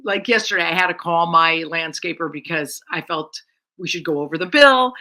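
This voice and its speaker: A woman's voice: fairly low pitch, normal speed. A middle-aged woman, a comedian, telling brash, profane stories in a casual podcast chat. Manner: brash, profane, animated storyteller.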